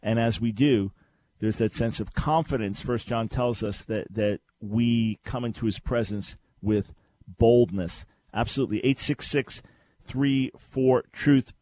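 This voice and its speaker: A man hosting a call-in radio show, telling stories with lively emphasis and repeating key phrases. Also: medium pitch, a little slow. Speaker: radio host.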